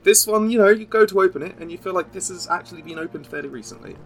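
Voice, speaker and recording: A man's voice: high-pitched, rapid-fire, creaky, soft background music. A man running a tabletop game as game master, narrating a scene in a rambling, self-correcting way with frequent laughs.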